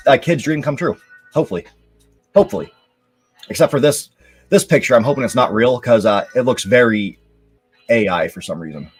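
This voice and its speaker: A young man talks loosely on a live show, drifting through thoughts with plenty of fillers. His voice sits at an ordinary middle pitch. Soft music plays faintly underneath. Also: breathy edge. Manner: relaxed, rambling, lots of fillers. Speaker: show host. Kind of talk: casual live-stream commentary.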